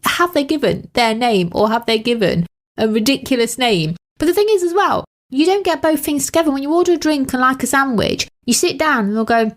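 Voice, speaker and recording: Giggly, slightly high-voiced woman chatting. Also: lively intonation, fairly quick. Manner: giggly, storytelling, cheeky. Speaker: podcast co-host. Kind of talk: casual chat.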